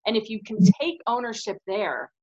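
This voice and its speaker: A woman's voice: mid-range voice, very animated, moderate pace, a little mellow. A woman co-hosting a spiritual podcast, talking earnestly and emphatically in casual chat with many "you know"s. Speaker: podcast co-host. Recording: slightly dull lo-fi audio.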